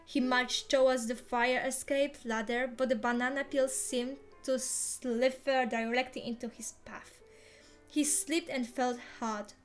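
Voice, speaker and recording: High-voiced woman reading a novel aloud. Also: steady tone, unhurried, soft background music. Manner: playful, theatrical first-person reading. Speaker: reader.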